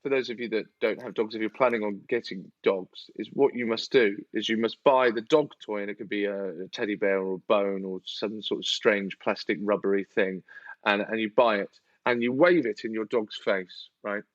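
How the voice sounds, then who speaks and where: A man's voice: fairly low pitch, steady tone, normal speed, no room sound, dull audio. A man who is a comedian guest, sounding exasperated and incredulous in comic banter. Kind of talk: comic conversation.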